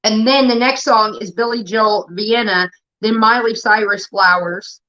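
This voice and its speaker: A woman's voice: mid-range voice, a little slow, sharp tone, dull audio. A woman livestreamer talking casually to her chat, blunt and profane, snapping back at commenters.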